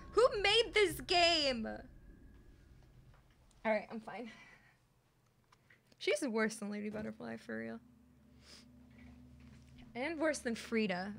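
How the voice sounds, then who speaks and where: A woman streaming a video game, swearing and yelling in frustration, then muttering to herself. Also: on the high side, creaky, slight background noise. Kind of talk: casual gameplay commentary.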